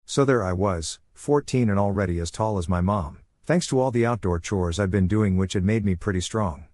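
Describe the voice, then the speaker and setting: A man giving a steady, scripted narration of a story. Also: lowish voice, normal speed, no echo, studio quality.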